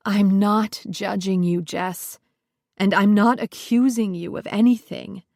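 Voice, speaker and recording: A woman narrator voicing an anxious social worker friend who talks softly and placatingly, recorded dry and close. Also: mid-range voice, steady tone, unhurried, creaky, no room sound. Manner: soft, hedging and placating.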